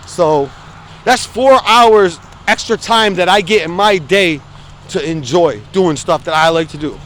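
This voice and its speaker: A man's voice: high-pitched, measured pace, fairly bright tone. A man in his forties vlogging while he walks outside in the cold, talking bluntly with lots of swearing. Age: 40s. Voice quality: frequent swearing, blunt and emphatic. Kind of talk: casual walking vlog rant. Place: outdoors on a city street, walking in the cold. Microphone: phone camera held while walking.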